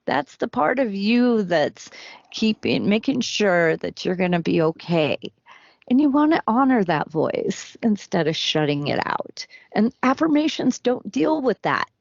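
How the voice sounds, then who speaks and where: A woman who works as a relationship coach, speaking in a slow, earnest coaching style on a podcast. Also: medium pitch, big pitch swings, gravelly, dry recording. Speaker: soulmate coach. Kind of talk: podcast interview. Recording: dry, dull lo-fi sound.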